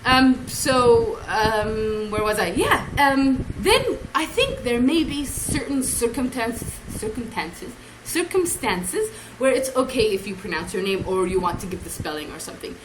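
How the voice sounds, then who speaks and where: A woman's voice: a little high, expressive, a little slow, few pauses. A woman vlogger chatting casually to camera, rambling and losing her thread. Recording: echoey room with clear noise.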